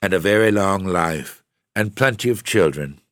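A man's voice: low voice, expressive, normal speed, fairly bright tone, dry recording, studio quality. A man voicing a jealous, bitter young woman in a gothic story reading, with a cutting, passionate manner. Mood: coldly bitter.

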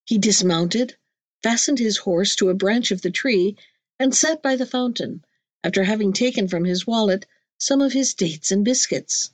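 A woman narrating a classic storybook in a measured, clear reading voice. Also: mid-range voice, dry recording. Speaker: audiobook narrator.

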